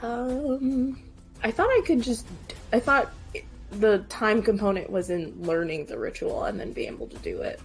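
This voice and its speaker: A woman's voice: on the high side, lively intonation, moderate pace, faint music behind, rough recording. A woman playing a tabletop game, chatting in a bubbly, joking way. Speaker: player.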